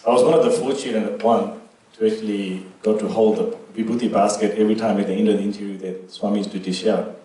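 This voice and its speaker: A man's voice: on the low side, fairly even intonation, fast talker, mellow. A middle-aged man telling cheeky personal anecdotes in a casual, chuckling way. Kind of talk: casual storytelling. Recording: echoey room, distant mic.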